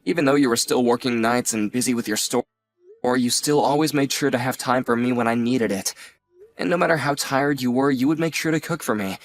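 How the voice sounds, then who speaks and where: A man's voice: medium pitch, brisk, soft background music, lightly acted. A man playing an earnest grateful nephew. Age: young adult. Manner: earnest and gently apologetic. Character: grateful young adult nephew, newly engaged, earnest. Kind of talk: scripted dialogue drama.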